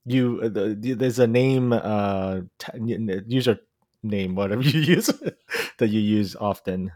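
A man hosting a casual podcast chat, talking in a halting way with lots of filler words and restarts. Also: on the low side, a little mellow, no echo, studio quality. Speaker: podcast host.

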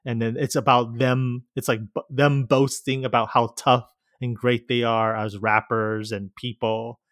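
A man's voice: medium pitch, little pitch movement, a little slow, fairly bright tone, no echo, studio quality. A man co-hosting a podcast in casual chat, meandering through his points and laughing easily as he explains. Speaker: podcast co-host.

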